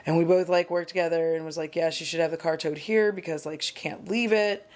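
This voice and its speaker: A woman's voice: lowish voice, fairly even intonation, a little fast, a little mellow. A woman doing a casual get-ready-with-me vlog, talking in a chatty, rambling, candid, self-deprecating way while she does her makeup at home. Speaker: beauty vlogger.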